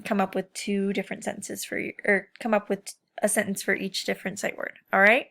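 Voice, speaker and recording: Slow-paced encouraging woman teacher. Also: mid-range voice, fairly bright tone. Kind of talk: remote classroom lesson for children.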